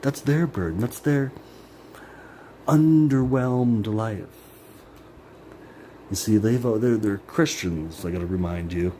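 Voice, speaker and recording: A man's voice: fairly low pitch, slow pace, long pauses, dark tone, a little hiss or hum. A man venting in a personal monologue, rambling and bitter, swearing and filling his talk with "like". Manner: rambling, profane, many "like" fillers; emotional, bitter. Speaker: vlogger.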